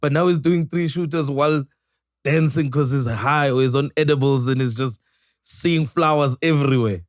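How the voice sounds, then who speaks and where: A man's voice: mid-range voice, moderate pace, dry recording, clean studio sound. A man chatting casually on a podcast, riffing playfully on wild ideas. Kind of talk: casual chat.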